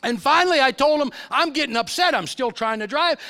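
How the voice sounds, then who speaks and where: A middle-aged man preaching a sermon in church, telling stories animatedly and swinging between loud and hushed. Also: very high-pitched, lively intonation, fairly quick.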